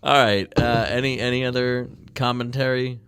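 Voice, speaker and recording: A man co-hosting a casual podcast, joking around and quick to laugh. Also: mid-range voice, little pitch movement, a bit bright, clean tone, dry recording, clean studio sound. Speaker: podcast co-host. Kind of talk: casual chat.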